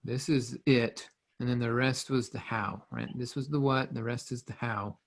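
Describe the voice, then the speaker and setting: A man's voice: mid-range voice, steady tone, normal speed. A man coaching a listener in a loose, conversational way, often repeating phrases and restarting sentences. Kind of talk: casual motivational teaching.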